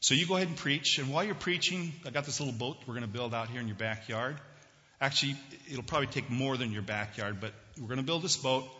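An exasperated, fed-up God, as a man preaching puts him on, in a forceful, bright voice. The sound is dull and lo-fi with a long church reverb. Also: medium pitch, fast, lightly acted. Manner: exasperated, complaining. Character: exasperated God, weary of his people. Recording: dull lo-fi recording in a reverberant hall.

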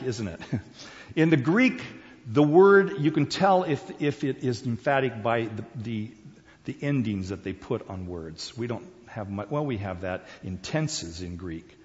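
An older man teaches scripture in a relaxed, folksy way, chuckling and circling back on his words. His voice carries a long reverb, as if from a large hall, and the sound is somewhat dull. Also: medium pitch, normal speed. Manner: folksy and chatty, with chuckles and restarts. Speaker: Bible teacher. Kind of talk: conversational Bible teaching.

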